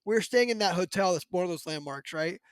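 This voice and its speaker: A podcast host in his thirties, with a high pitch and a clean tone, rambles cheerfully through a story full of fillers and energetic asides. His pace is fairly quick. The sound is close and dry, with no room sound at all.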